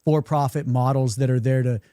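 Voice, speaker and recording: Male guest, mellow voice, earnest, dry recording. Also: medium pitch, steady tone, smooth, no echo. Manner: earnest, explaining, measured. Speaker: filmmaker guest. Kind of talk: interview.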